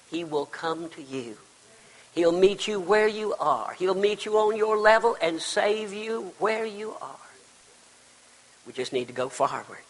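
An older man preaching a sermon as pastor, swinging between loud cries and hushed, quiet passages. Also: fairly high pitch. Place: church sanctuary. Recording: long reverb of a large hall.

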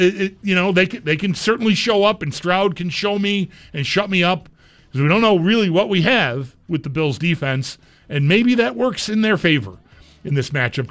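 A man's voice: sits high, a bit bright. A man co-hosting a sports radio show, chatting casually and thinking his picks through aloud. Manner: conversational, mulling picks aloud.

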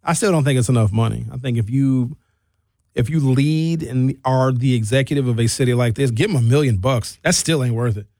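A man's voice: medium pitch, brisk, no room sound. A man in his forties hosting a radio talk show, riffing in a comedic monologue and acting out characters in quotes. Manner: animated, acts out characters in quotes. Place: radio studio. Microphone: studio microphone.

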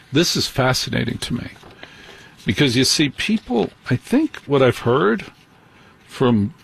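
Husky man, sneering gossip commentary. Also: medium pitch, expressive, slow pace, pauses often. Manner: mocking, scornful asides. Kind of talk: sarcastic celebrity gossip commentary.

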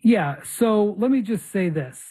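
A woman's voice: mid-range voice, animated, unhurried, mellow. A woman hosting a basketball podcast, telling a story animatedly and repeating phrases for effect. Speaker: podcast host. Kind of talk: casual chat.

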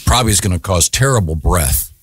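A man's voice: sits low, expressive, quick pace, fairly bright tone, husky, dry recording, clean studio sound. A man hosting a morning radio show, joking and rambling with restarts and laughs. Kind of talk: casual radio banter.

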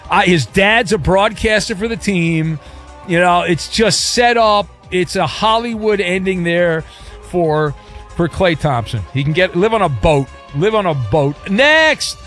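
A middle-aged man hosting a sports talk radio show, loose and jokey, bursting into shouted catchphrases. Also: sits high, unhurried, faint music behind.

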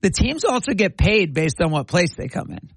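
A man's voice: sits high, big pitch swings, normal speed, breathy edge, no echo. A man hosting a sports podcast, chatting casually and reading out live match updates. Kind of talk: casual sports talk and commentary.

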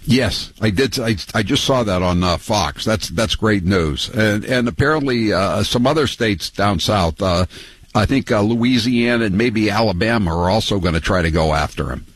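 Older guy hosting talk radio, deep husky voice, rambly and sarcastic, dry sound. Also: moderate pace, no room sound, poor audio. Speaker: radio talk show host.

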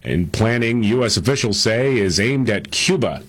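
A man's voice: on the low side, expressive, moderate pace, fairly bright tone. A man co-hosting a radio show, running through the day's news with chuckles and frequent fillers. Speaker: radio co-host reading news. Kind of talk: news rundown with banter.

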